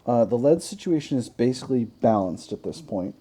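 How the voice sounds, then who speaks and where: A man's voice: mid-range voice, lively intonation, brisk, warm tone, slightly rough, faint music behind. A man hosting a gaming channel, chatting through a strategy game, thinking aloud with wry self-mocking asides.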